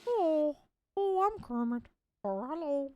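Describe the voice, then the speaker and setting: A woman doing an impression of a cheerful male frog puppet in a high, nasal cartoon voice while streaming a game. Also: animated, slow pace, a little mellow, highs cut off.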